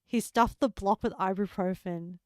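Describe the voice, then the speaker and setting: A woman's voice: medium pitch, normal speed, no room sound. A woman streaming a game, chatting casually with her viewers, joking and laughing often, on a close desk microphone.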